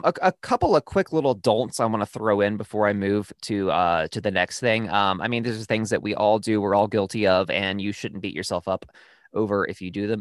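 A man co-hosting a casual parenting chat, explaining things in a steady, reassuring way. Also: on the low side, dry recording. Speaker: podcast co-host and parent.

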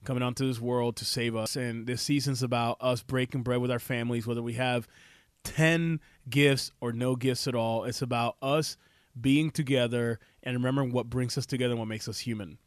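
A middle-aged man hosts a talk show, speaking in a heartfelt, preachy way as he tells a family story and turns it into advice. His voice sits in an ordinary middle pitch and is recorded dry and close, with no room sound. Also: fairly even intonation, fairly quick, smooth, no room sound. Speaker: show host. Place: Ohio.

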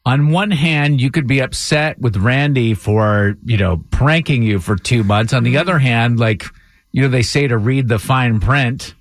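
A man's voice: mid-range voice, no echo, studio quality. Upbeat male morning radio host. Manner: upbeat, brisk announcer delivery. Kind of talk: morning radio show banter. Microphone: studio mic.

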